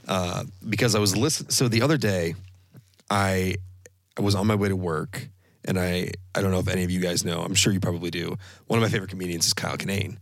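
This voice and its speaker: A man's voice: deep voice, steady tone, quick pace, dry recording. A man guesting on a podcast, riffing and joking in casual chat with casual swearing.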